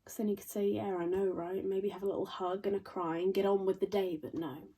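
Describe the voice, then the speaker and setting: An actress as Alice, wry husky student. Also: female voice, medium pitch, fairly quick, recorded from a distance, natural voice, poor audio. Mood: sardonic. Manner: wry, deadpan, crude asides. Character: young woman student, sardonic and grieving. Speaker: actor in a stage monologue. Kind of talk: theatrical monologue.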